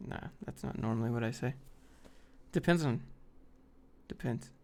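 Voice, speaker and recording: A man's voice: mid-range voice, moderate pace, creaky. Laid-back man hosting a live stream. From Atlanta, Georgia, US. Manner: laid-back, offhand, many fillers. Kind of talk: casual live stream chat.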